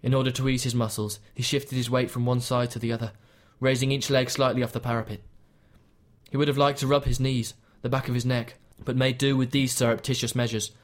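Reading a tense piece of fiction from a script, the male narrator keeps his mid-pitched voice measured and even.

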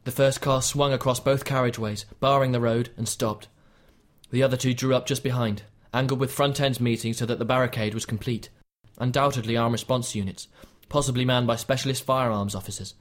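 A man narrates a novel in a measured, steady storytelling voice. His pitch sits in an ordinary middle range, and he keeps an even delivery throughout the narration. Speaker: audiobook narrator. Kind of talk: scripted narration.

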